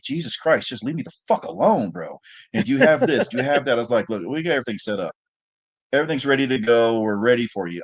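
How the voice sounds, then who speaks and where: Relaxed man telling a casual story. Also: mid-range voice. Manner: relaxed, profane, rambling. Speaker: podcast co-host.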